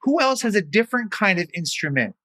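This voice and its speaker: A man's voice: high voice, very animated, fairly quick, sharp tone. A man leading a children's yoga storytime, playful and encouraging, with little sound effects along the way. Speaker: kids' yoga instructor.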